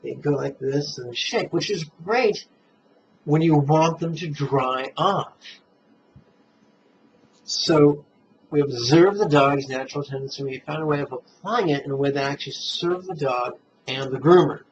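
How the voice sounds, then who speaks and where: A man teaching meditation in a relaxed, playful dharma talk, chuckling at his own jokes and guiding listeners step by step through the breath. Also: fairly high pitch, slight background noise. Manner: guides listeners slowly through breathing steps. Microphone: camera mic, self-filmed. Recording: dull, muffled camera audio.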